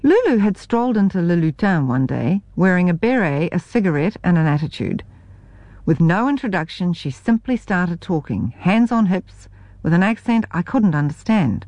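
A New woman reads her memoir aloud with wry humour. Her voice sits low but swings widely through each sentence. The sound is close and dry, with no room around it. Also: normal speed, dry recording, dull audio. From New Zealand. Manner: wry, expressive storytelling. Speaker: memoir narrator.

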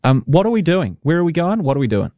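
A man's voice: a little high, sing-song, fast, mellow, dry recording, studio quality. A man hosting a radio interview, enthusiastic and effusive with his praise. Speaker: radio host.

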